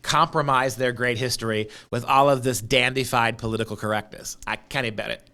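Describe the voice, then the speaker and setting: A man's voice: medium pitch, fairly even intonation, a little fast, pushed and bright. A man hosting a commentary show, theatrical and indignant, hammering his points with emphasis. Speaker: show host. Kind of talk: casual political commentary chat.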